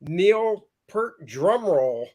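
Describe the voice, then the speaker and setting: Brief: male co-host, high animated voice, quick reactive quips. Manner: short reactions and jokes. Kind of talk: casual chat.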